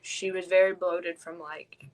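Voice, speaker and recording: A woman's voice: lowish voice, flat delivery, unhurried, low-quality recording. Woman, podcast host, raw and blunt, swears a lot, candid storytelling.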